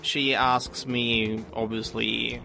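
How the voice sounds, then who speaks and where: A man co-hosting a casual podcast, telling stories slowly with dry humor and many pauses and fillers. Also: mid-range voice, level tone, creaky, music in the background. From Russia. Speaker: podcast co-host. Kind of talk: casual chat.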